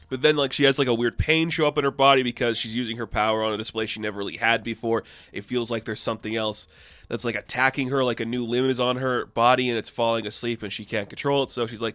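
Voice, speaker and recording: A man talks through a comic book issue in a loose, excitable way, full of fillers and quick laughs. His voice is bright and forward. The recording is dry and close, with no room around it. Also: mid-range voice, clear, resonant tone, dry recording. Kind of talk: casual comic recap.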